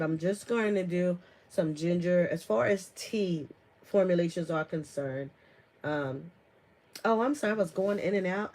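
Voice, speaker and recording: A woman's voice: on the low side, low-quality recording. Chatty woman hosting a live stream. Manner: chatty, laughs often, many fillers; reads viewer comments aloud and answers them. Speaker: herbalist host of a live stream. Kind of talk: casual live-stream chat.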